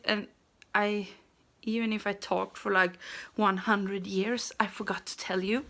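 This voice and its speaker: Slow-talking woman, bright voice. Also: mid-range voice, steady tone. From Sweden. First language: Swedish. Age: 30s. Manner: rambling, self-deprecating, giggly. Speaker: beauty YouTuber. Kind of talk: casual chat to camera.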